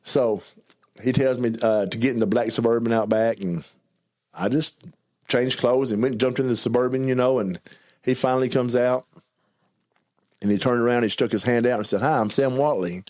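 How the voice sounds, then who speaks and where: A middle-aged man with a Southern US accent telling his life story in a casual interview, mumbling and stuttering now and then and talking fast in bursts. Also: mid-range voice, fairly even intonation. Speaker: guest telling his testimony.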